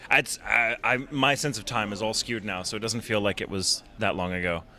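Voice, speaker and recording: A man's voice: lowish voice, steady tone, normal speed, sharp tone. A man being interviewed at a convention, talking in a playful, jokey and theatrical way. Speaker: voice actor guest. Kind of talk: convention interview, casual chat. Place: convention floor.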